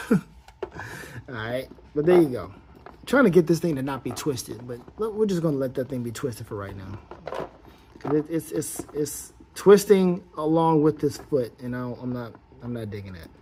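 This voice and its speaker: A man's voice: on the high side, expressive, measured pace, dark tone, a little hiss or hum. A man giving a casual toy review, rambling and playful as he thinks aloud while posing a figure.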